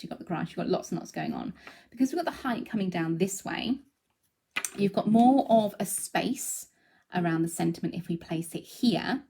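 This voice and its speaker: A woman's voice: fairly low pitch, darkish tone. A young woman giving a live craft demonstration, chatty and explaining as she works. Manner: chatty, breaks off to coo at her cat.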